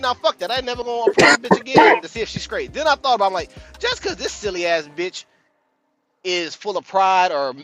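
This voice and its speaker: A man with a high, bright voice tells a story on a podcast, swinging his pitch up and down. He talks casually and profanely, with bursts of loud emphasis. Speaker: podcast host. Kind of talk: casual chat.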